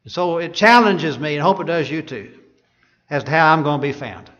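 A man's voice: on the high side, animated, fairly quick, a bit bright. A man preaching a sermon, reading scripture aloud and asking his listeners rhetorical questions. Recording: dull lo-fi sound.

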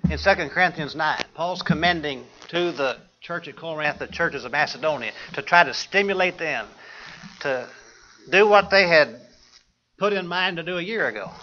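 Bright-voiced man preaching a sermon. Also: a little high, dull audio. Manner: asks the congregation questions, quotes scripture.

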